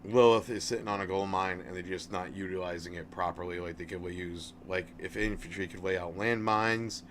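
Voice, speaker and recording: A man's voice: low voice, fairly even intonation, fairly quick, a bit bright, slight background noise. A man in his thirties chatting casually on a live stream about a game, friendly and rambling, often restarting his words. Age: 30s. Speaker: game livestreamer.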